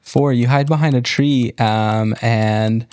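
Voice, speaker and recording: A man's voice: mid-range voice, fairly even intonation, takes it slowly, a little mellow, clean tone. A man co-hosting a tabletop game podcast who narrates the game in a laid-back, giggly way. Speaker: co-host, game master.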